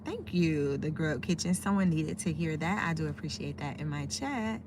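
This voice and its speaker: A woman's voice: low-pitched, normal speed, few pauses, noisy background. A middle-aged woman from the United States, chatting casually on a live stream from her parked car, greeting viewers and easily sidetracked. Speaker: live streamer reading chat.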